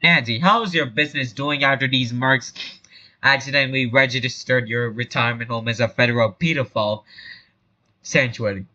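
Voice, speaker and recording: A man's voice: moderate pace, lo-fi sound, lightly acted. A man voicing a pompous, dim-witted small-town male mayor in a comic reading. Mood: grandstanding. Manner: shouty, theatrical, high-pitched outbursts.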